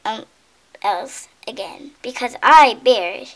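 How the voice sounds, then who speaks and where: A woman voicing a big, grumpy male bear in a storybook reading, speaking in a slow, menacing way. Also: a little high, lively intonation, a bit bright.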